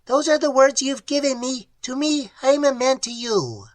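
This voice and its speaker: A reader doing a shrill, placid alien creature. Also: normal speed, close to an everyday voice. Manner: high shrill clicking voice, flat placid answers. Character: strange alien cave creature, calm and unfeeling. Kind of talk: audiobook character voice.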